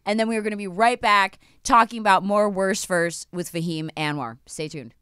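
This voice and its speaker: A young woman hosting a podcast in casual chat, animated and laughing, swearing freely as she tells stories. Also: medium pitch, normal speed, smooth, dry recording, studio quality. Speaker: podcast host. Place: podcast studio.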